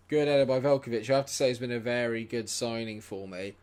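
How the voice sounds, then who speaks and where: A man streaming a football management game, muttering, then shouting and swearing at the match. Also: medium pitch, fast talker, hardly any pauses. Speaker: gaming streamer. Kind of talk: live gameplay commentary.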